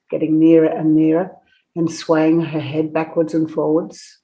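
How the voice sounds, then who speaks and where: Expressive woman reading a picture book. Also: low-pitched, normal speed. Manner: expressive, storytelling. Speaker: narrator.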